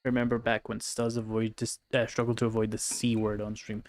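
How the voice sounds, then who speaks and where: A Scottish man with slight vocal fry, chatting casually and wryly while streaming a game. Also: fairly low pitch, monotone, brisk. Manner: chatty, wry, reading chat aloud. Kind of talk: casual gameplay chat.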